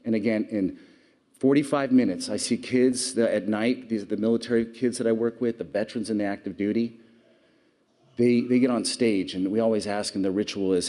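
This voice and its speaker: Man, public speech, earnest storytelling, warm low voice. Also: steady tone, brisk. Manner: earnest storytelling, audience questions. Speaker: award speaker.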